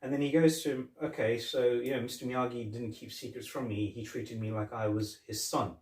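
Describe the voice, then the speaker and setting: A man chatting on a podcast, acting out quoted lines as he goes. His voice sits at an everyday pitch. He is miked from a distance in a roomy space. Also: fairly quick. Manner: animated storytelling, retelling scenes with quoted lines and laughs. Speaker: podcast co-host. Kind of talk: casual chat.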